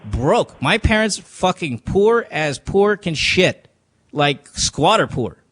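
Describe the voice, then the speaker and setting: A man's voice: a little high, sing-song, takes it slowly, fairly bright tone. A man with a Filipino accent hosting an advice podcast, talking bluntly and with a lot of profanity, mixing English and Tagalog. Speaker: podcast host giving advice. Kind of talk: casual advice talk.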